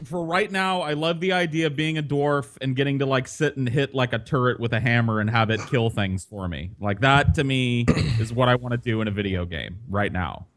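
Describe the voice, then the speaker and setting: A man chatting on a podcast in an animated, excitable way. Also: mid-range voice, fairly quick. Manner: animated, excitable, laughing while cursing. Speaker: podcast guest. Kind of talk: casual chat.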